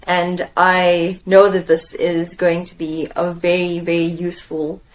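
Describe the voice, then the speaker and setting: A woman's voice: lowish voice, level tone, a little slow. Thoughtful woman poet, searching and reflective. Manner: thoughtful, searching, with fillers and self-questioning. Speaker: poet and engineer, coaching guest. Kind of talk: reflective conversation.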